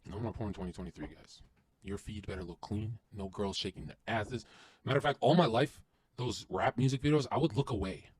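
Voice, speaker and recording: A man guesting on a podcast, delivering an intense, profane motivational rant that swings from loud to hushed. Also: on the low side, brisk, husky, no room sound.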